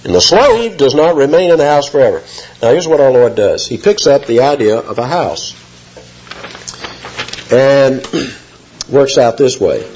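A man's voice: mid-range voice, big pitch swings, measured pace, pauses often, darkish tone, slight background noise. A man preaching an expository sermon, emphatic and rising sharply when he quotes. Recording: muffled lo-fi sermon recording.

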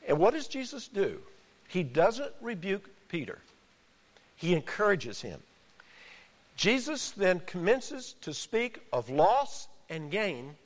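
Emphatic male preacher in a reverberant hall. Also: on the high side. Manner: emphatic preacher, dramatic pauses, acts out quotes. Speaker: pastor. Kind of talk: sermon.

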